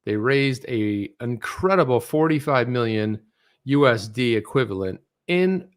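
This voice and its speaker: A man's voice: medium pitch, lively intonation, a little slow. A man co-hosting a casual livestream, playful and joking, rambling a little as he tells a story. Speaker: co-host.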